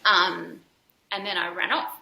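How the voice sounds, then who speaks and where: A woman's voice: lowish voice, level tone, measured pace, gravelly, sharp tone, echoey room, slight background noise, rough recording. A woman, a podcast guest, telling a personal story candidly and earnestly, with frequent fillers and restarts. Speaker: podcast guest, dance school founder.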